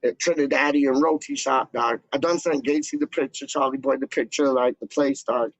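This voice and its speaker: Speaking at a normal speed in a mid-range voice with fairly even intonation, this fan channel host rambles to camera in loose slang full of "like" and "dog." No room sound is audible, and the audio is dull, dry lo-fi.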